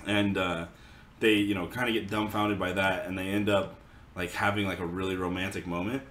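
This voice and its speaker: A man's voice: low voice, flat delivery, brisk, a bit bright, echoey room, slight background noise. A man casually recapping a comic for a podcast, rambling with lots of fillers and frequent laughs. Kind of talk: casual chat.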